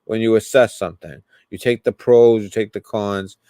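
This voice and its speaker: Boston guy hosting, kinda low voice, talks in loops, dry sound. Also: steady tone, normal speed, mellow, smooth, no echo. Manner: rambling, hesitant, many restarts. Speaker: podcast host. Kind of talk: casual call-in chat.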